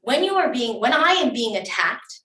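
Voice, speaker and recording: A woman's voice: on the high side, sing-song, moderate pace, pushed and bright. Insistent woman at a town meeting. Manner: emotional, insistent, with many restarts. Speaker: township committee member. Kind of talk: speaking at a public council meeting. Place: municipal meeting room. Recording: echoey room, distant mic.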